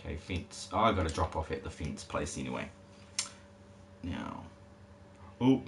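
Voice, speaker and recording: A man's voice: very deep voice, sing-song, unhurried, gravelly, pauses often. A man who is a parent, streaming a game and rambling casually with jokey asides to his chat. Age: adult parent. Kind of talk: casual live-stream commentary. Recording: noisy background hiss.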